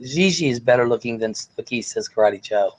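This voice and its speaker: A man's voice: mid-range voice, expressive, fairly quick. A man, hosting a live-stream chat, rambling, sighing and reading viewer comments aloud with jokes. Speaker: show host.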